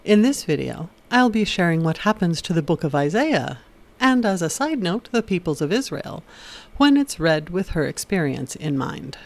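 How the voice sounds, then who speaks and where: A woman's voice: lowish voice, normal speed. Woman narrating a scripted history lesson. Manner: wry asides in a steady explanatory read. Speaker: video essay host.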